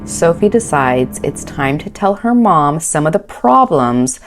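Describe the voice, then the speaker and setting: A woman's voice: deep voice, very animated, unhurried, faint music behind. A woman casually recapping a reality show, chatty and wry, with a home mic. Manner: chatty, wry, quotes people in bouncy voices. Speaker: recap commentator. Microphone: home recording mic.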